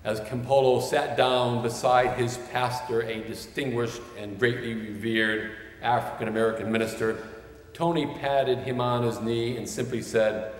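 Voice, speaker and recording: A man preaching a sermon as pastor, measured and building toward shouted refrains. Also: medium pitch, steady tone, slight background noise. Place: large church sanctuary. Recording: roomy church with long reverb.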